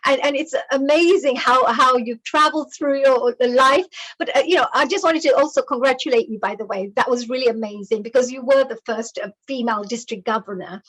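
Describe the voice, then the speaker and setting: A woman with a high voice hosts a conversational interview. She talks in an effusive way, heaping praise on her guest and laughing often. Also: brisk, fairly bright tone, poor audio. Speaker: interview host.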